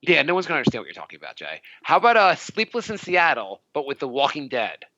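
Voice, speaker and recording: A man with a bright, forceful voice, ribbing his co-host in loose podcast banter. He talks a little higher than most men, joking and swearing casually. The sound is dry and slightly dull. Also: wildly swooping pitch, fast, no room sound. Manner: teasing, profane, joking.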